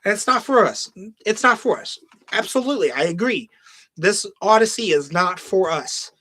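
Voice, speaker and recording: A man's voice: sits high, animated, normal speed, fairly bright tone. A man hosting a podcast, ranting in casual, heavily profane commentary, now and then mocking film lines in a put-on voice. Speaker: podcast host.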